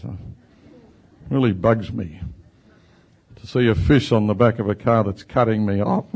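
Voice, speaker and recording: Male pastor, sermon, unhurried delivery, stretches key words louder and longer, talks to the congregation. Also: mid-range voice, vocal fry. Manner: builds to loud, drawn-out emphasis on key words; talks directly with listeners in the room.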